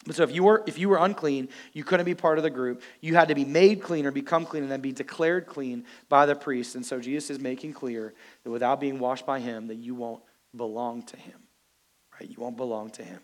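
A male pastor preaching a sermon, animated and joking with the congregation. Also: mid-range voice, a little fast.

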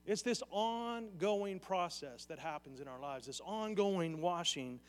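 A high-pitched male pastor delivers an earnest sermon and keeps turning to the congregation with direct questions. His voice rings out through the long echo of a church hall. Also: lively intonation, measured pace, clean tone. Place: church sanctuary.

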